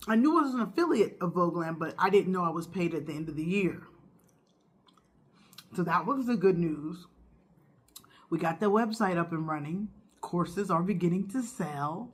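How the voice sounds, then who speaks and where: A woman's voice: on the low side, moderate pace. Chatty woman eating on camera. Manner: chatty and expressive, talks through bites. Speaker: mukbang vlogger host. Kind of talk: casual chat while eating.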